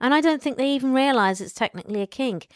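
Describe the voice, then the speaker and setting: A woman co-hosting a podcast, talking in casual chat and explaining things in a measured way. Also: high-pitched, no echo, studio quality. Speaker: podcast co-host.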